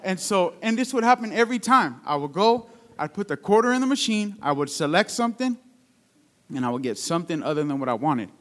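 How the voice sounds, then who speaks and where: Young male preacher, sermon delivery, conversational storyteller, voice on the high side. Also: very animated, brisk, fairly bright tone. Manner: conversational storytelling with call-outs.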